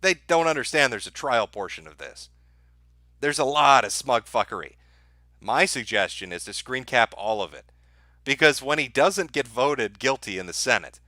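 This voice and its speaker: A man's voice: medium pitch, sharp tone, no room sound, studio quality. A man hosting a livestream, ranting sarcastically and profanely and laughing at his own jokes as he reads viewer super chats. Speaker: livestream host.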